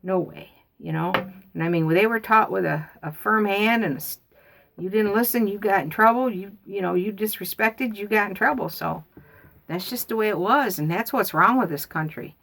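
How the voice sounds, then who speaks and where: Brief: older woman, gravelly voice, rambling folksy storyteller. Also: medium pitch, normal speed, a bit bright, slight background noise. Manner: rambling, folksy, repeats herself. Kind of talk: casual storytelling.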